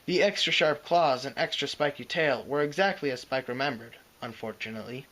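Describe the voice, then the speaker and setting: A man reading fan fiction aloud, expressive and dramatic, with occasional slips and restarts. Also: medium pitch, a little fast, poor audio. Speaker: reader.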